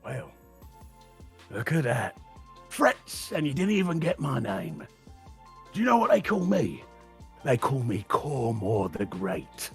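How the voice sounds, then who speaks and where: A man voicing a boastful pirate captain with a gravelly, swaggering voice. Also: medium pitch, huge pitch swings, slow, long pauses, faint music behind, full character voice. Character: boastful pirate captain calling himself great.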